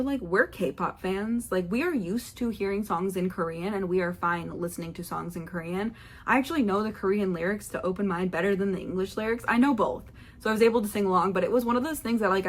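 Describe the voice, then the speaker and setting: A young woman vlogger telling a rambling, excitable story about a concert, full of fillers and quoted asides. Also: on the low side. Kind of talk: chatty concert recap vlog.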